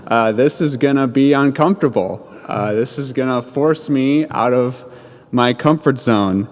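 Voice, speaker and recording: A man's voice: medium pitch, a little slow. A man giving a homily in a church, telling a personal story in a casual, conversational way with many "like" fillers and chuckling at himself. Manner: chuckles at his own story. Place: church sanctuary. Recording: long church-hall reverb.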